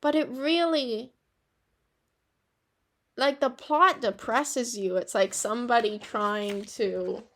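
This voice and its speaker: A woman's voice: on the high side, takes it slowly, long pauses. A young woman hosting a podcast, chatting casually in a rambling, reflective way and laughing at herself now and then. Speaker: podcast host.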